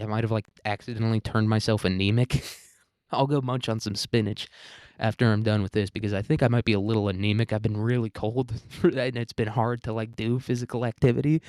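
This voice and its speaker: A man's voice: fairly low pitch, fairly even intonation, a little fast, a little mellow, no room sound, clean studio sound. A young man hosting a solo podcast, rambling and self-mocking with crude humor. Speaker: podcast host.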